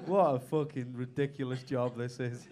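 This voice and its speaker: A man's voice: medium pitch, steady tone, moderate pace, background noise. A male stand-up comedian doing crowd work on a club stage, teasing the audience with crude, cheeky banter.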